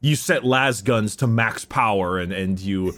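A young man co-hosting a casual chat about books, relaxed, swearing now and then and often laughing. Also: fairly low pitch, measured pace.

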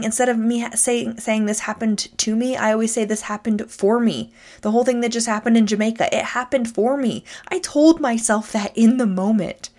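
Emphatic woman giving a motivational talk. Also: fairly high pitch. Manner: emphatic, animated, addresses listeners directly. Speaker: motivational speaker.

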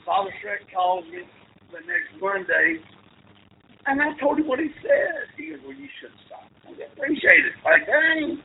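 Gravelly man spinning lively stories. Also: very high-pitched, normal speed, narrow, tinny audio, slight background noise. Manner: animated, folksy storyteller with laughs. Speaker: high school football coach. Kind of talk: phone interview storytelling. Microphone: phone.

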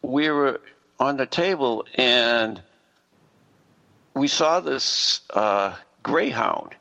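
Gravelly, bright-toned male host. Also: mid-range voice, lively intonation, drawn-out words, highs cut off. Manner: rambling, full of fillers and asides. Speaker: podcast host. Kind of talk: casual chat.

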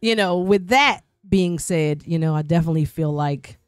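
A woman's voice: on the low side, moderate pace, clear, resonant tone, no echo, clean studio sound, soft background music. A woman radio personality guest-hosting a podcast, telling a personal story in a talkative way that repeats words, restarts and acts out quoted voices.

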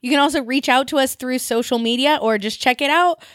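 A woman's voice: high voice, fairly quick, dry recording, clean studio sound. A woman co-hosting a music podcast, chatting casually and reading out listener contact details. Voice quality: warm, giggly, chatty. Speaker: podcast co-host.

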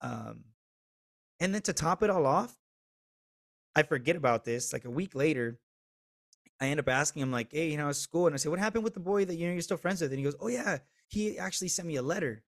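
Man guest in his 30s, frank animated storytelling, dry close sound, loud then hushed. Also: a little high, a little fast, pauses often, dry recording. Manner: animated storyteller who swings between loud and hushed, swears freely. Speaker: podcast guest. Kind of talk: candid storytelling interview.

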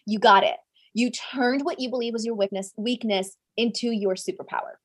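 A woman's voice: fairly high pitch, brisk, husky. A woman speaking English as a second language, a life coach telling a personal story in an interview, with lots of "right?" and "like". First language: not English. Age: 20s at the time recalled; now older. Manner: animated, many "right?" tags and "like" fillers.

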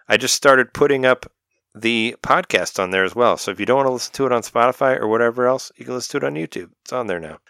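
Bright, clear-voiced low male podcast host. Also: dry recording, clean studio sound. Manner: relaxed, chatty, laughs at himself. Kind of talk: casual podcast outro.

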